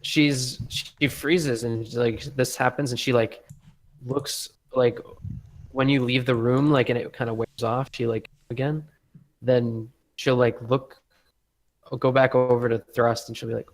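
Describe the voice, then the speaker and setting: A man's voice: mid-range voice, little pitch movement, unhurried, low-quality recording. A man narrating as game master of a tabletop game, rambling and leaning heavily on filler words.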